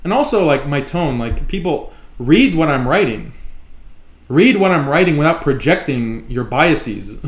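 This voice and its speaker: A man's voice: a little high, big pitch swings, a little slow. Emphatic man in an echoey room. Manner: emphatic, repeats points for stress. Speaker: host of a live online talk show. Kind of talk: live solo commentary.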